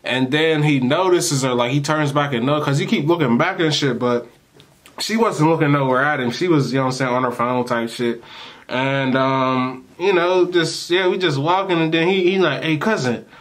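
A man's voice: a little high, moderate pace. Slangy, laid-back storytelling guy. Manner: slangy, loose, rambling delivery with frequent laughs; animated, acts out the people he quotes. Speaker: storytime vlogger. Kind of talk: casual storytelling to camera.

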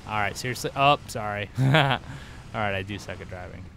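A man giving goofy, excitable let's play commentary, trash-talking the game as he plays. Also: lowish voice, fairly quick, gravelly. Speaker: gaming host. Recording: noisy game-audio mix. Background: game sound effects and vehicles.

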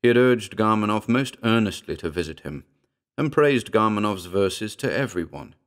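A man giving a measured, grave, scripted narration of a horror story. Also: on the low side, lively intonation. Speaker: audiobook narrator.

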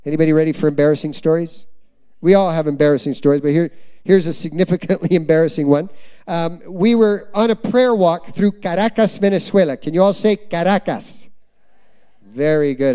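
A man preaching a sermon as a visiting missionary, telling a story with lively delivery and acting out the people in it. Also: sits high, clear, resonant tone. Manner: animated storytelling, acts out quoted voices. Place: church sanctuary.

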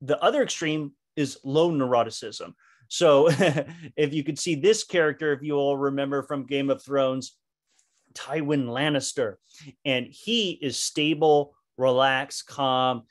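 A man leading a live online training session over a video call. He talks in an animated way, with frequent fillers and restarts. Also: medium pitch, measured pace. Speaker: leadership trainer.

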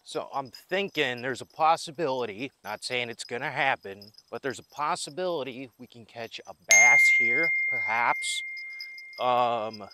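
A man's voice: mid-range voice, measured pace, noisy background. A young man hosting a fishing vlog, joking and rambling to his viewers while he fishes by a river at night. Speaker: fishing vlogger. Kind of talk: casual vlog narration.

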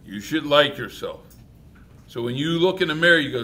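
Bright-voiced joking man teacher. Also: fairly high pitch, expressive, normal speed. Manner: jokey, repeats students' answers loudly. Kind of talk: classroom interviews with students. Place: classroom.

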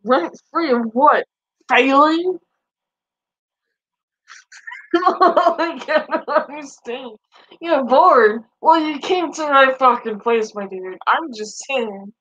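A woman's voice: high voice, animated, slow, a bit bright, lo-fi sound. A woman streamer in casual live-stream chat, profane and teasing, laughing often as she talks back to viewers.

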